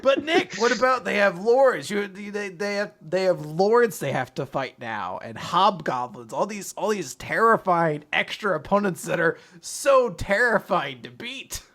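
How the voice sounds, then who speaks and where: Excitable, high-voiced man. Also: measured pace, hardly any pauses. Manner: excitable, sarcastic, swears, raises his voice to make a point. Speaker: co-host. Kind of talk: casual chat.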